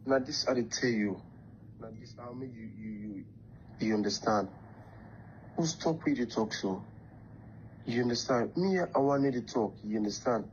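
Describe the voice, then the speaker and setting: A man's voice: medium pitch, normal speed, long pauses, lo-fi sound, a little hiss or hum. A man with a Sierra Leonean Krio English accent leaving a private voice message, pleading and reassuring, often repeating questions to check he is understood.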